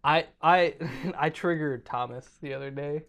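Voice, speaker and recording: A man's voice: on the high side, measured pace, a bit bright. A man co-hosting a podcast in casual chat, joking and swearing, laughing often. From born in Germany, raised in the US South. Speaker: podcast co-host.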